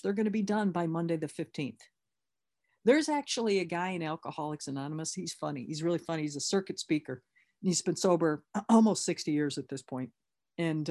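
A woman's voice: sits low, a little mellow. A woman talking candidly and emphatically as a sponsor teaching recovery step work in a conversational workshop.

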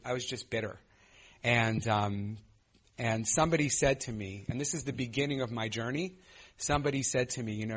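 A man's voice: mid-range voice, fairly bright tone. Candid man sharing his recovery story. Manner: candid, self-mocking, many fillers and restarts. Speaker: recovery meeting speaker. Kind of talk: personal testimony share.

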